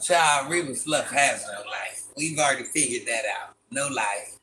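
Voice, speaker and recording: A man, chatting casually on a livestream, animated and exasperated, firing off rhetorical questions and laughing often. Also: mid-range voice, normal speed, a little hiss or hum. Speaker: livestream host reading chat.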